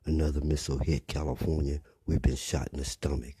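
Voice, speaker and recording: An older man delivering a blunt, rambling monologue, often dropping to a rough whisper. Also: a bass voice, flat delivery, fairly quick, warm tone, dry recording. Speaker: commentator. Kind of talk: preachy monologue.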